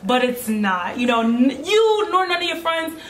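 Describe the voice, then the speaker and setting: A woman's voice: sits high, big pitch swings, unhurried, roomy sound, recorded from a distance, a little hiss or hum, low-quality recording. A woman in her twenties from Brooklyn, a guest in a casual chat, talking bluntly and animatedly with profanity and frequent laughter. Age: 20s.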